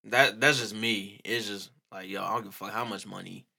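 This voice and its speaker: A man co-hosting a casual chat, animated and profane, laughing often and acting out quotes. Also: lowish voice, brisk, vocal fry, slightly rough.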